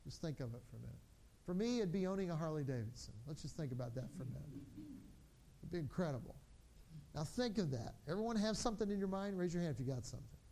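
Brief: male pastor, 40s, high-pitched voice, animated storytelling preacher who drops soft and low for reflection. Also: fast talker, vocal fry. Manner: animated storytelling, acting out his children's voices. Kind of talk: sermon.

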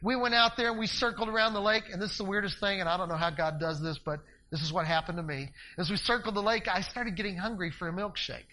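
A male minister preaching a sermon, telling a personal story in an animated way and swinging between loud and hushed delivery. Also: high voice, fast talker, hardly any pauses, low-quality recording. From northeast Ohio, US.

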